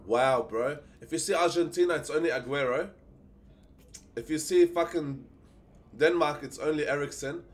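A young man streaming live, chatting casually and excitedly as he opens game packs, swearing freely and pleading for good luck. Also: a little high, moderate pace.

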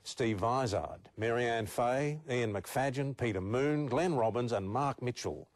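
A man giving scripted documentary narration in a measured, informative way. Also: mid-range voice.

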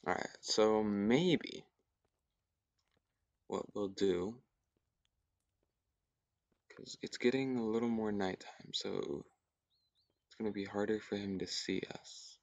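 A young man talks through his gameplay in a hushed, often whispered voice, thinking aloud and circling back on his words. His voice sits a little low. The sound is dry and close, with no room around it. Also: fairly even intonation, takes it slowly, gravelly, pauses often, no echo, dull audio. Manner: thinks aloud, repetitive and tentative. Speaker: gaming YouTuber. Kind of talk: casual gameplay commentary.

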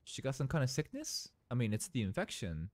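Guy doing an anime reaction, excitable, thinks out loud, laughs a lot, mid-pitched, super animated. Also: a little fast. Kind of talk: live reaction commentary.

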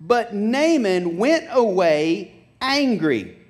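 A man with a high-pitched voice preaches in a church. He reads scripture aloud and voices the figures in the story, building in intensity as he drives his point home. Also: sing-song, extremely slow, darkish tone. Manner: preaching with rising intensity, acting out biblical speech. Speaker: pastor. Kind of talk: sermon.

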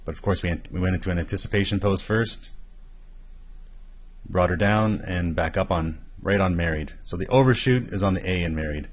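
A man walking through an animation tutorial, explaining each step in a steady way. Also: low-pitched, moderate pace. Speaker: animation instructor. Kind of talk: screen-recorded tutorial.

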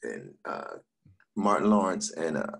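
Background noise accompanies a bass-voiced middle-aged man with vocal fry, who speaks at a measured pace with big swings in pitch. He's a comedian guest telling casual stories, laughing and acting out the people he quotes.

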